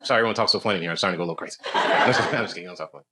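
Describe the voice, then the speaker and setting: A man's voice: low-pitched, racing, heavy background noise. A man, a stand-up comedian, chatting casually and laughing with fans after a show. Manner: laughing, loose and joking. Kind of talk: casual banter with audience.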